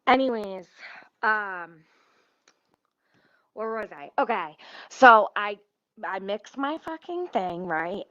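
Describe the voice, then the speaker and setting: A woman vlogger tears through a storytime rant, heated and full of swearing. Her voice sits in a middle pitch. The recording is dry and dull, with a muffled lo-fi edge. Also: a bit bright, dry recording.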